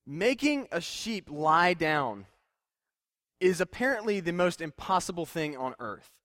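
A man's voice: fairly high pitch, big pitch swings, measured pace, a bit bright, no echo. A young man preaching a conversational sermon, plain-spoken and self-deprecating, with frequent fillers and restarts. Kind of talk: casual sermon.

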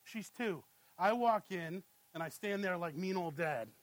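A pastor with a high voice preaches a sermon full of family anecdotes, speaking at a measured pace in a conversational style. He keeps asking "right?" and grows animated when telling stories. The recording is dry and rough.

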